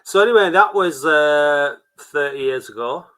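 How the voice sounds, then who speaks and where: A man's voice: fairly high pitch, normal speed, fairly bright tone. A man co-hosting a fan podcast, chatty and teasing with his guest. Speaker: podcast co-host. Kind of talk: casual chat.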